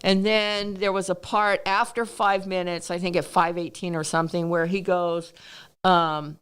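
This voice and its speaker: A woman's voice: fairly low pitch, unhurried, clean tone. A woman in a casual podcast interview, telling stories and acting out what people said in a raised voice. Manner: animated storyteller, acts out quotes in raised voice.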